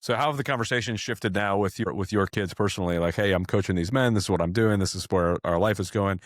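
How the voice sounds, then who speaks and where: A male podcast host with a very deep voice talks fast, stringing long questions together without pausing. The recording is dry and close. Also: no echo. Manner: rapid, rambling multi-part questions. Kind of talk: casual interview conversation.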